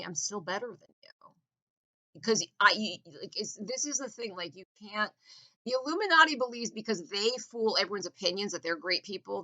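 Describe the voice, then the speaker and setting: A woman's voice: medium pitch, sharp tone. A woman delivering a rambling, contemptuous monologue to camera, repeating herself and trailing off mid-thought. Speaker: vlogger. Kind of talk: ranting monologue.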